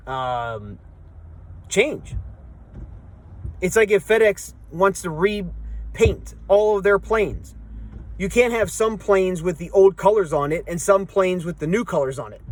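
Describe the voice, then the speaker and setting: A man from Southwestern Pennsylvania with a local accent, venting in a rambling, frustrated way in a casual vlog to his viewers. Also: high voice. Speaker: vlogger.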